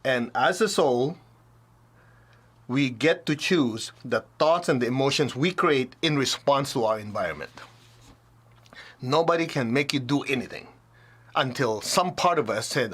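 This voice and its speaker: A man's voice: mid-range voice, animated, normal speed, a bit bright. A man teaching a spiritual talk to an audience, casual and blunt, often acting out the voices of people he quotes.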